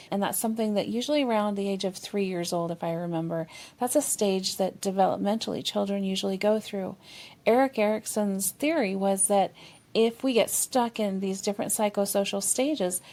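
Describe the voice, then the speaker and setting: A woman therapist, a guest on a podcast, explaining expressively and sometimes acting out what partners think. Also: mid-range voice. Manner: expressive, explanatory, acts out partners' inner voices. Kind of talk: conversational podcast discussion.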